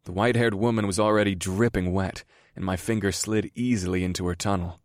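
A man narrating a first-person audiobook in a slow, measured reading. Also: sits low, fairly even intonation, dry recording, studio quality.

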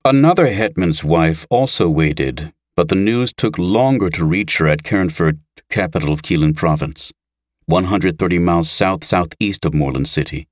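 Man, audiobook narration, very low voice, measured, even delivery. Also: no room sound, clean studio sound.

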